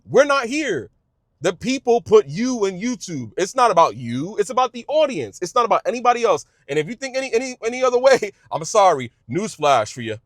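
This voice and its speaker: A man's voice: very high-pitched, fairly bright tone, no room sound, studio quality. A man giving passionate advice to other video creators, emphatic and repetitive, with frequent restarts and a casual "y'all". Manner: informal speech, says y'all. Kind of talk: passionate direct-to-camera advice.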